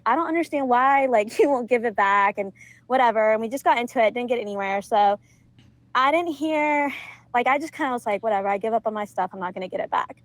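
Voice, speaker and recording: A chatty young woman from Georgia tells a story as a podcast guest, her voice sitting a little high. She fills her sentences with small filler words and breaks into laughter often. The sound is close and dry, with no room around it. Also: no room sound, rough recording. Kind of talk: casual storytelling.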